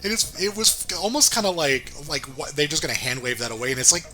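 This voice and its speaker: A man's voice: on the high side, sing-song, fast talker, loud music behind the voice. A man in casual chat, recapping cartoon episodes and acting out quoted lines, with many fillers. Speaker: podcast co-host reviewing a cartoon.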